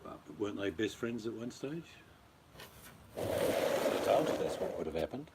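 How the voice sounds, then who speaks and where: A man's voice: lowish voice, very animated, unhurried, heavy background noise. An Australian man chatting casually on a livestream, rambling and blunt, talking to viewers by name. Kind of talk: casual chat.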